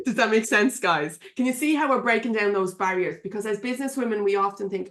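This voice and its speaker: A woman's voice: medium pitch, moderate pace, a bit bright. An Irish woman giving a live coaching webinar from her computer at home, chatty and frank, laughing often and swearing casually. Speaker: business coach.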